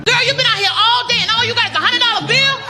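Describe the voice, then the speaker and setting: A man acting out a loud, brash hustler with a shrieking, laughing voice in a stand-up bit. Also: very high-pitched, pitched above the performer's own voice. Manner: shrieking, rapid-fire, laughing. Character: loud, brash man riding around picking up women. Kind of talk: stand-up act-out. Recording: live show with loud crowd and music.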